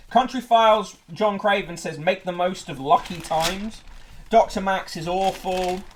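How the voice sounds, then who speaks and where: A man's voice: on the high side, slight background noise. A man hosting a podcast, reviewing newspapers casually with sardonic, sweary asides.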